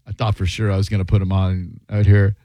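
A man's voice: low-pitched, level tone, a little fast, dark tone, no room sound. A man hosting a call-in radio show, talking in a wry, joking and opinionated way into a studio microphone.

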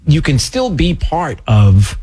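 A man's voice: on the high side, wildly swooping pitch, takes it slowly, warm tone, slightly rough. A man hosting a talk radio show, chatting casually and rambling with a joking, self-deprecating manner.

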